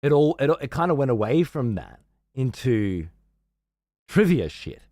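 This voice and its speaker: Aussie bloke on a stream, swearing, rambling sarcastic rant, mid voice, dry sound. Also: male voice, mid-range voice, very animated, unhurried, dark tone, no echo. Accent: Australian. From Australia. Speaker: livestreamer. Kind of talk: casual livestream rant.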